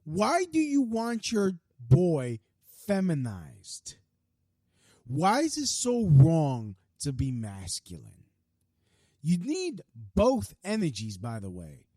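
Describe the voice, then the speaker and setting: Young guy ranting and swearing, lively swooping voice, really dry sound. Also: on the high side, no room sound. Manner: heated, profane, fast-talking with many restarts. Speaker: podcast host. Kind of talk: profane ranting monologue.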